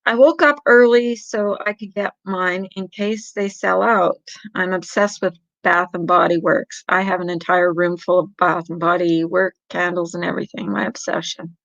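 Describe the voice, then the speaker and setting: A middle-aged woman chats with her livestream viewers, rambling from one thing to the next and laughing often. Her voice is bright and sharp. The sound is dry and dull, like a cheap webcam microphone. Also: on the low side, steady tone, normal speed, gravelly, no room sound. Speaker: livestream host. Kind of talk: casual chat with viewers.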